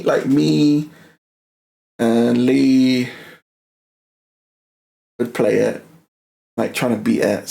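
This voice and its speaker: A mid-range male voice with vocal fry, recorded with a roomy sound. The young gaming streamer rants casually mid-game, cursing often, repeating himself animatedly and tripping over words.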